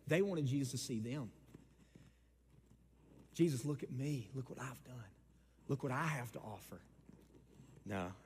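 A man preaching a sermon with animated swings from loud to quiet, acting out the quotes. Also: on the high side. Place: church hall. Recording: hall with long reverb.

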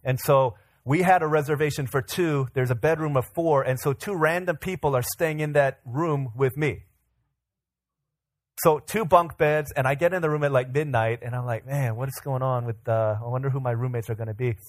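Male pastor, mid-range voice, animated sermon anecdote, dry close sound. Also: medium pitch, moderate pace, no room sound. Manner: animated anecdote-telling, acting out quoted voices. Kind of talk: sermon storytelling. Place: church hall.

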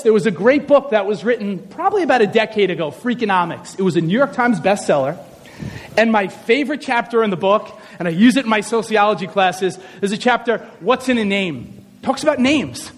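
A man giving an animated, joking sermon, acting out scenes as he tells stories, in a reverberant hall. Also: high voice. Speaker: speaker, high school teacher. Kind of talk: sermon with comic storytelling.

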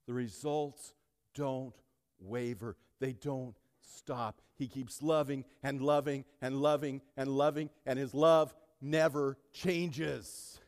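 A man preaching a sermon as pastor, swinging from quiet storytelling to shouted, rising climaxes. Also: medium pitch, in a large hall.

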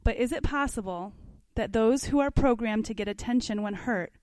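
A woman's voice: on the high side, moderate pace, darkish tone, dry recording. A woman teaching a parenting class, reading passages aloud from a book and adding casual comments with questions to her listeners. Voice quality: conversational, asks the class questions.

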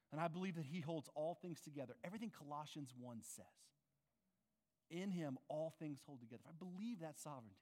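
A man preaching a sermon as pastor, earnest and conversational, often asking his listeners questions. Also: on the high side. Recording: long reverb of a large hall.

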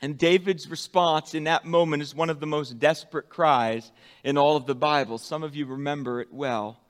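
A pastor preaching a sermon, with dramatic swings from loud emphatic peaks to hushed, soft endings. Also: male voice, a little high, fairly even intonation, normal speed, clean tone, long reverb tail.

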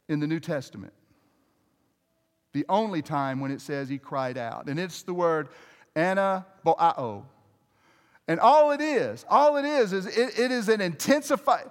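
High-voiced male preacher in a hall. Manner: conversational preaching with restarts and asides to the congregation. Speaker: pastor. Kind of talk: sermon.

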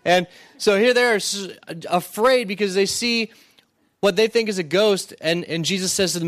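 Guy pastor giving a casual sermon, pretty high voice, dry close sound, lots of "right?". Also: normal speed, fairly bright tone, no room sound. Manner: conversational, asks "right?" often, restarts words.

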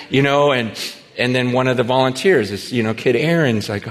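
A man preaching a sermon, telling stories with animation, swinging from hushed asides to near shouts. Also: mid-range voice, normal speed. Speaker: pastor. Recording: long hall reverb.

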